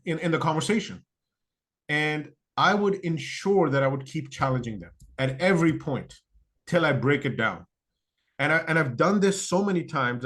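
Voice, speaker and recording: On a podcast, a male guest speaks thoughtfully in conversation, restarting sentences often, using many fillers, and acting out others' quoted excuses. His voice is on the high side and a bit bright.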